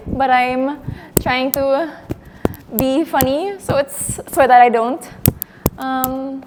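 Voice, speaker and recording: A woman's voice: high-pitched, steady tone, slow, in a large hall, heavy background noise. A woman narrating her feelings aloud during a workshop exercise, nervous and self-conscious, with bursts of laughter. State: anxious, breathy with nervous laughter. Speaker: acting workshop participant.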